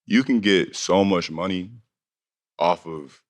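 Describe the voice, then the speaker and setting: A man's voice: sits low, slow. A young man, a pro basketball player, talking casually on a panel to young players. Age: young adult.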